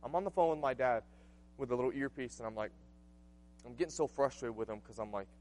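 A man's voice: medium pitch, fast, a little mellow. A man in his late twenties preaching a sermon, earnest and conversational, telling a personal story with frequent asides. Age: 20s. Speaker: pastor.

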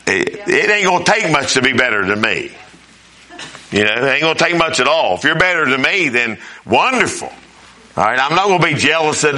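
Emphatic preacher, bright voice. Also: male voice, medium pitch. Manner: emphatic preaching, rising and falling with repeated phrases. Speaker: pastor. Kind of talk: sermon.

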